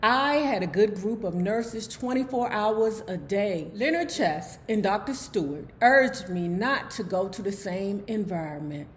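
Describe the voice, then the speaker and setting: A woman with a Southern US accent hosting a book club, reading a memoir aloud and breaking into loud, animated, casual commentary. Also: mid-range voice, a little slow, few pauses, slight background noise. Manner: switches between soft reading and loud animated asides.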